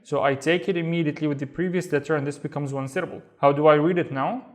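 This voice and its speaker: Higher-voiced man teaching Arabic patiently. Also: fairly even intonation. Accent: Saudi Arabic. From Saudi Arabia. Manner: patient, repeats words slowly for practice. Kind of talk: step-by-step language lesson.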